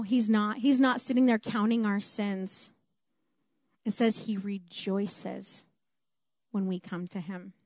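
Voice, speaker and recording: A woman's voice: a little high, no room sound, clean studio sound. A woman preaching a sermon in an earnest, emphatic way, repeating her key phrases for weight.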